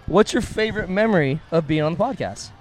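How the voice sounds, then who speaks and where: A man's voice: high-pitched, expressive, quick pace, a little mellow, faint music behind. A man co-hosting a casual podcast, teasing his guest and laughing easily while he asks the questions. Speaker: podcast co-host.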